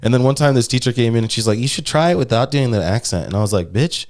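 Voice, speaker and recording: A man's voice: medium pitch, racing, a little mellow. A young man, a stand-up comic, chatting casually on a podcast, rambling and swearing, sometimes putting on voices. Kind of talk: casual chat.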